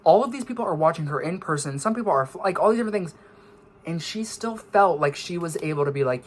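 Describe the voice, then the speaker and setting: A man's voice: on the high side, expressive, fairly quick, a bit bright. A young man talks to camera in a loose, rambling way, jumping from one tangent to the next and teasing himself as he goes. He sounds slightly out of breath throughout. Faint music plays underneath. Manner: scattered, tangent-prone, self-mocking. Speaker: vlogger and musician. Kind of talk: casual rambling monologue.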